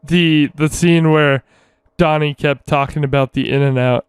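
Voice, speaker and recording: A man's voice: fairly high pitch, steady tone, measured pace, clean tone, no room sound. A man co-hosting a podcast in casual chat, swearing freely and laughing a lot. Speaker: podcast co-host.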